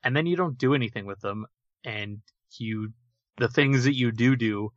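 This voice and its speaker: An opinionated man talks casually, rambling through his points with lots of fillers. His voice sits at an ordinary middle pitch. The sound is dry and a bit dull, like a lo-fi home recording. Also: normal speed, dry recording. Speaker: podcast co-host. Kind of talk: casual wrestling discussion.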